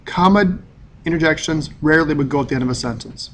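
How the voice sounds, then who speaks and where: A man's voice: a little high, quick pace, a little hiss or hum. A male teacher giving a recorded grammar lesson, explaining in a plain, methodical way.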